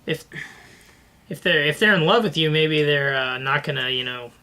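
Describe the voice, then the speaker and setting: Bright-voiced young man in casual banter. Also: a little high, smooth. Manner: halting, many restarts and fillers. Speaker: podcast co-host. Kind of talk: casual comedic chat.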